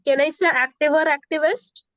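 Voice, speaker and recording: At a moderate pace, a woman with a high, somewhat bright voice teaches English grammar in a dry-sounding recording. It's a classroom lesson where she patiently repeats words, regularly asks "okay?" to make sure students understand, and blends in Hindi.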